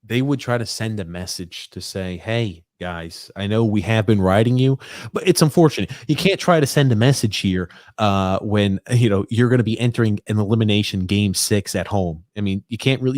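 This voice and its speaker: A man's voice: lowish voice, animated, fairly quick, hardly any pauses, darkish tone, no room sound, studio quality. A man co-hosting a live call-in sports podcast, blunt and opinionated. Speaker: podcast co-host.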